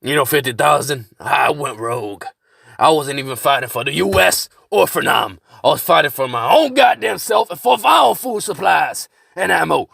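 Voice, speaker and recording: Man putting on a ranting, gravelly bunker veteran. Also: a little high, expressive, normal speed, no echo, clean studio sound, voice pushed up, heavily acted. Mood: boastful. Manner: ranting, cursing, shouting. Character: crazed older male war veteran ranting from a bunker.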